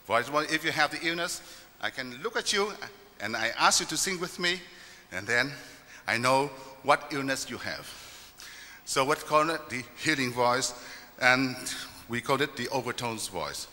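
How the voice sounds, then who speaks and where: Bright-voiced man on a stage. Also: mid-range voice, lively intonation. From Vietnam. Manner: halting, playful, counts beats aloud. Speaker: stage performer and musician. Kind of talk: live stage demonstration. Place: stage in a hall before an audience. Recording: echoey hall.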